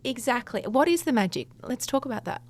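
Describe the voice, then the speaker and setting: A woman's voice: fairly high pitch, animated, a little fast, darkish tone. Reflective woman hosting a podcast chat. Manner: open, personal, reflective. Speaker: podcast host, counselor. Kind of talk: casual conversation.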